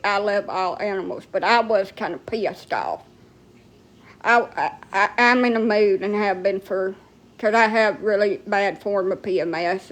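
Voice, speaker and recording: A woman ranting profanely and sassily to viewers on a phone livestream. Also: mid-range voice. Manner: profane, heated, sassy, talks back to viewers. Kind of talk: ranting live stream.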